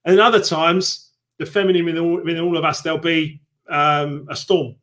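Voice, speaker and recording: A man's voice: fairly high pitch, moderate pace. A man hosting a live book club stream, chatting casually and explaining ideas through analogies. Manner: animated storyteller, explains with analogies.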